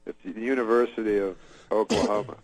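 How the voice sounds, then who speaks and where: A man's voice: fairly low pitch, fairly even intonation, brisk, no room sound, rough recording. A man comedian casually telling a long story, rambling with many fillers and frequent chuckles, on a remote call. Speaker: comedian guest.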